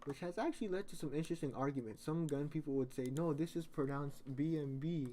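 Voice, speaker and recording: A man's voice: a little high, fast, mellow, slight background noise. A man chatting casually on a live stream, rambling and joking, often correcting himself mid-sentence.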